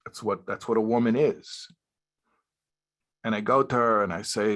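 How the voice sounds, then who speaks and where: A man's voice: fairly low pitch, fairly even intonation, moderate pace, pauses often, a bit bright. A man, a rabbi, giving a sermon-style talk to young married men, emphatic and repeating his key phrases, with Hebrew and Yiddish terms mixed in. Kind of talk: spoken sermon-style lecture.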